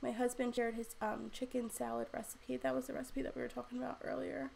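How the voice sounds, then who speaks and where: A woman's voice: fairly high pitch, completely flat delivery, quick pace, creaky, a little mellow, slight background noise. A young woman hosting a casual home livestream at a desk microphone, reading out viewer comments and chatting with lots of fillers and frequent laughs. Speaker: livestream host.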